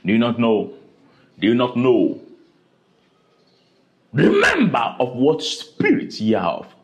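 Dramatic, lively preacher. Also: male voice. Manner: dramatic preaching with sudden high exclamations and repetition. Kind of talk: sermon.

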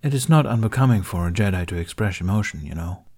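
Man doing dry, gentle middle-aged Jedi master, measured storybook voice. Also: low-pitched, lively intonation.

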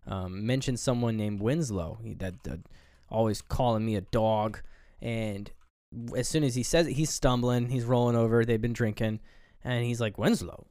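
A man's voice: medium pitch, normal speed, warm tone, smooth, dry recording, studio quality. A man co-hosting a casual film review chat, rambling through scenes and acting out quoted lines. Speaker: podcast co-host.

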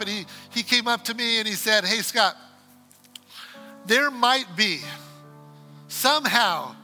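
A man preaching a sermon and telling a story, acting out the dialogue and swinging from loud exclamations to quiet asides. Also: extremely high pitch, creaky. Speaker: pastor.

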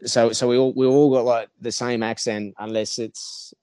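A man's voice: mid-range voice, level tone, moderate pace, dark tone, clear, resonant tone, no room sound. An Australian man with a nasal voice, rambling in casual podcast chat with lots of swearing and restarts. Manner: rambling, profane, with many restarts. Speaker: podcast guest.

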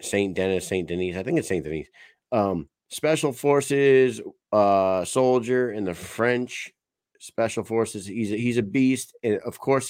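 Low-voiced guy ranting on a podcast, swears a lot, dry close mic. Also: no echo. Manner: profane, rambling, animated storytelling. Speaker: podcast co-host. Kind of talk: casual sports chat.

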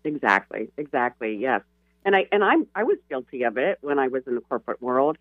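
A woman's voice: extremely low pitch, big pitch swings, a little fast, no room sound. A woman guest speaker and coach talking earnestly in a radio interview, repeating words as she thinks aloud. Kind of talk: radio interview over the phone. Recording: tinny phone line.

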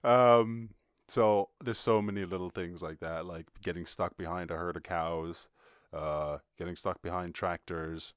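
A man's voice: low-pitched, fairly even intonation, a little slow, clear, resonant tone, no room sound. A man with an Irish accent hosting a podcast, chatting in a rambling, laughing way and swearing often. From Ireland. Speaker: podcast host. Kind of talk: casual chat.

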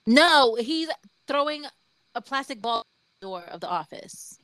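A woman's voice: high-pitched, expressive, unhurried, fairly bright tone, clean tone, dry recording, low-quality recording. A young woman with a Bronx accent, co-hosting a casual podcast from her home office, teasing and telling stories with mimicked voices. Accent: Bronx New York. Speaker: podcast co-host. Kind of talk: casual chat.

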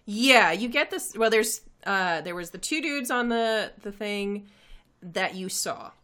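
A woman's voice: mid-range voice, animated, a little slow, pushed and bright. A woman narrating a tabletop game as game master, hesitant and full of fillers.

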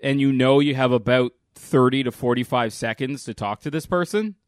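A man's voice: medium pitch, moderate pace, clean tone, no echo, clean studio sound. A man co-hosting a podcast, telling stories in easygoing casual chat and laughing often. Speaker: podcast co-host.

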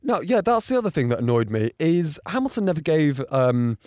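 A man giving casual reaction commentary on race highlights, rambling with frequent ums and getting indignant. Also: big pitch swings, a little fast, a little mellow, slight background noise. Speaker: motorsport commentator.

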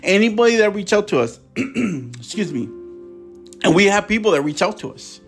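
A man's voice: sits high, very animated, moderate pace, faint music behind. A man hosting a preaching podcast, speaking with passion and stumbling a little when he reads scripture aloud.

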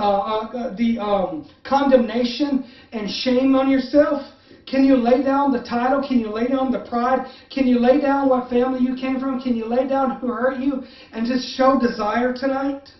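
A male pastor preaching a sermon for an online service, moving between emphatic repeated appeals and soft, halting personal asides. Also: very high voice. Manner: drops to soft, hesitant confessional tone with many fillers. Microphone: online service stream. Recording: roomy, distant, muffled sound.

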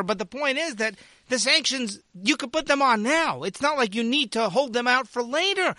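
A man's voice: very high voice, expressive, normal speed, pushed and bright, no room sound, clean studio sound. A man hosting a political commentary show, delivering an opinion monologue in an indignant, sarcastic manner with mocking asides.

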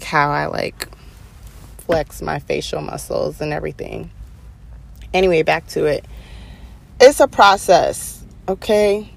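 A young woman hosting her own podcast, talking casually and animatedly, with sassy asides and drawn-out emphasis. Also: sits low, gravelly, darkish tone, a little hiss or hum. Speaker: podcast host. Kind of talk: casual solo podcast monologue. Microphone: headphones, home podcast mic.

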